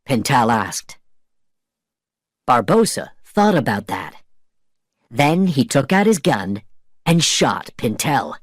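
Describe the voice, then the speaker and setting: A man narrating a simple story for English learners at a very slow, careful pace. His delivery is clear and lively, with a wide rise and fall in pitch. The recording is dry and close. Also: no echo.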